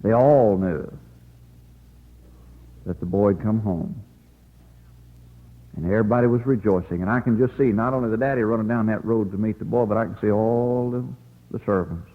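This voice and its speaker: A man's voice: on the low side, moderate pace, pauses often, in a large hall, phone-quality sound. A man preaching a revival sermon in a folksy, pleading way, telling the story dramatically as an evangelist.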